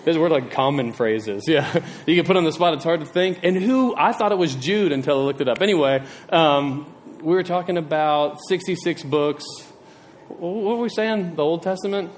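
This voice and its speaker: A man's voice: fairly high pitch, fairly quick, hardly any pauses, slight background noise. A male preacher giving a casual sermon, chatty and rambling, with self-deprecating digressions and questions to the congregation. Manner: chatty, asks the audience questions.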